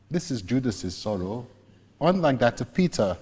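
A man preaching a sermon, slowly and deliberately retelling scripture scenes. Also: medium pitch, sing-song, a little mellow, breathy edge. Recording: long reverb, echoey hall.

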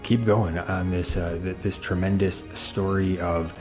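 Deep-voiced male talk show host. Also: steady tone, music in the background. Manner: measured, explanatory, with fillers. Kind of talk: religious talk show hosting.

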